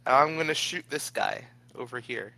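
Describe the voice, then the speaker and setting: A man's voice: mid-range voice, huge pitch swings, normal speed, creaky, pushed and bright, dry recording, rough recording. A man playing in a tabletop role-playing game, describing his character's actions in a laid-back way with many hesitations. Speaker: player. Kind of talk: casual tabletop play.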